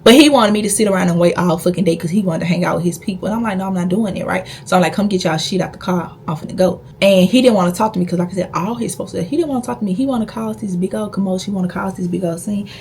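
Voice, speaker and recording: A woman's voice: mid-range voice, racing, hardly any pauses, a little mellow, a little hiss or hum. A young woman vlogger telling a personal story in a blunt, profane, emphatic way. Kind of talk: casual storytime.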